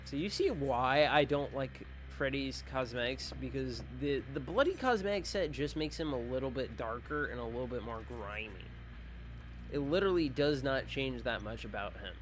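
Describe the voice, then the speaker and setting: Man, gaming video host, sleepy and tired, rambling casual chat, self-joking, mid-pitched voice, faint noise behind. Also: animated, normal speed.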